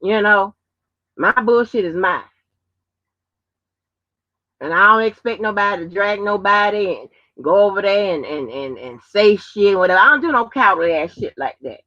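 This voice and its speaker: A woman's voice: medium pitch, expressive, moderate pace, sharp tone, no echo, dull audio. A woman hosting a live stream in loose, profane casual chat, laughing and trailing off between points. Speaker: livestream host.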